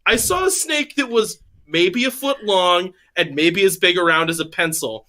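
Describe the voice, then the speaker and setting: A man's voice: sits high, normal speed. A man from Indiana, a podcast guest, telling self-mocking stories in a casual chat. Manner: self-mocking, animated storytelling.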